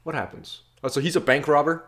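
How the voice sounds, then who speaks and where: A man's voice: a little high, fairly even intonation, fast talker, a bit bright. A young man co-hosting a podcast, chatting casually and teasing his friend. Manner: teasing, playful. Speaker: podcast co-host. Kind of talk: casual chat.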